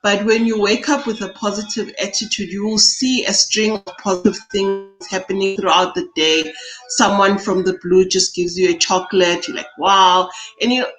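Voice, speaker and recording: Woman coach on a show, talks earnest and chatty, mid pitch, soft music behind. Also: fairly even intonation, moderate pace, poor audio. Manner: earnest, chatty, lots of "you know". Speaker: life coach guest. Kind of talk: interview chat.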